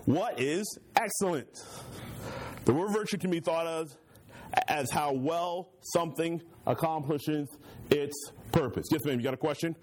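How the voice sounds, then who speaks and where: Chatty pastor teaching a Bible class. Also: male voice, fairly high pitch, unhurried, a little mellow. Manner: conversational, joking, uses homey illustrations.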